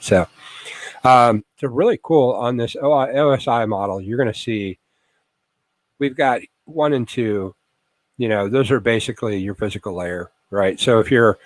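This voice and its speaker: A man's voice: on the low side, no room sound, low-quality recording. A man teaching networking basics in a loose, rambling way, full of fillers and acted-out everyday analogies. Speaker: instructor. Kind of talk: casual tech lecture.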